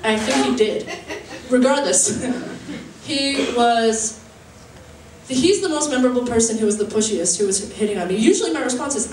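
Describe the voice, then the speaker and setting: A young woman doing a stand-up comedy set with a halting, chatty delivery full of fillers, often laughing at her own jokes. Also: a little high, a little mellow, a little hiss or hum. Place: comedy venue stage. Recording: roomy live-venue sound from a distance.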